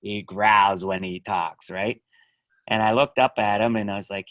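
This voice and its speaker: A middle-aged man, a judo coach, chatting as a podcast guest and telling animated stories, often laughing and trailing off quietly. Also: on the low side, moderate pace, no echo. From Canada. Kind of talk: casual podcast chat.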